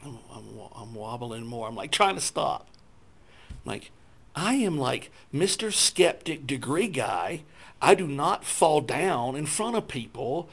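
Guy with a gravelly voice telling his church story, jokes on himself, acts out what he was thinking. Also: a little high, slow pace. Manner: self-deprecating, acts out his own thoughts in lively voices. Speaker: speaker sharing a personal testimony. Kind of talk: storytelling testimony to a church group.

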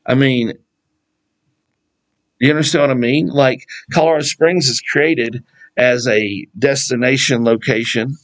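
A man's voice: mid-range voice, steady tone, unhurried, rough recording. A man preaches in a loose, conversational manner. He unpacks scripture like he's chatting with friends, slipping into anecdotes and acting out bits of dialogue. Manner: conversational, storytelling, acts out dialogue. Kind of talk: casual sermon with Bible teaching.

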